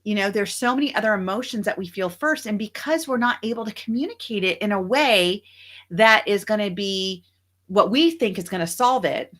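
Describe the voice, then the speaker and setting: A woman's voice: medium pitch, expressive, brisk, a bit bright. Earnest middle-aged woman co-host. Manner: earnest, reflective, acts out little scenes in her stories. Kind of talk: casual chat.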